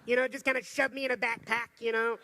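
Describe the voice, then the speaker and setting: Casual: guy doing a pumped up motivational talk to a crowd, kinda gravelly, crisp bright tone. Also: very high-pitched, quick pace, slight background noise. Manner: energetic, humorous storytelling. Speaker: motivational speaker. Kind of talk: motivational talk to a live audience. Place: stage before an audience.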